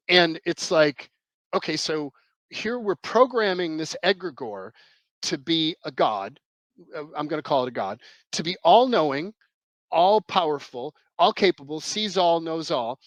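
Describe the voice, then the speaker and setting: A man's voice: a little high, expressive, a little slow, a bit bright, dry recording, low-quality recording. A man explaining his ideas as a podcast guest, in a rambling, emphatic way with many restarts. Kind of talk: conversational explanation.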